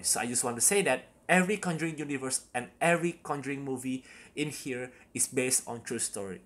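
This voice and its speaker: A man giving a casual vlog review of a horror film, rambling and excitable, with sudden loud bursts. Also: medium pitch, a little hiss or hum.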